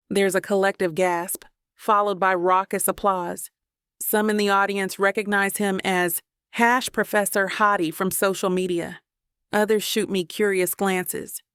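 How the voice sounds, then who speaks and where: A woman narrating a first-person romance audiobook in an expressive storytelling manner on a close mic. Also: medium pitch, clean tone, dry recording.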